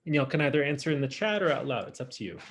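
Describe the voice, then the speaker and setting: A man teaching an online French class, saying y'all and slowly drilling each phrase for his students. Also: medium pitch, very animated, a bit bright, breathy edge. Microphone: video call.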